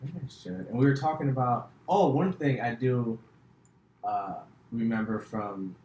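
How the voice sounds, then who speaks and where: A man's voice: medium pitch, measured pace, darkish tone. A man hosting a podcast, chatting loosely and rambling with many fillers and restarts. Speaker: podcast host, comedian. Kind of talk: casual chat. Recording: echoey room.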